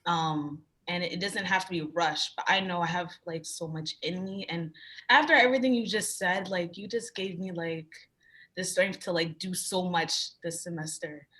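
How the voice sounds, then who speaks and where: A young woman student, emotional, asking a question on a video call in halting speech full of fillers. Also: lowish voice, bright, forceful tone. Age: young adult. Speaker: student club president. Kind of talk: question from the audience.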